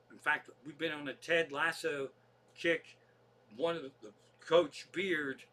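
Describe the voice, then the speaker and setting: A man's voice: a little high, sharp tone, slight background noise. A man hosting his own comedy show, rambling through stories in a casual monologue and swearing constantly.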